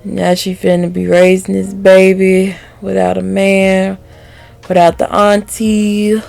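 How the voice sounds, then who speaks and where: A woman's voice: medium pitch, monotone, slow, vocal fry, darkish tone, faint music behind. A woman reviewing a TV episode to camera in a candid, heated, profane way, laughing often. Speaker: TV show reviewer. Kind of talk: casual video review.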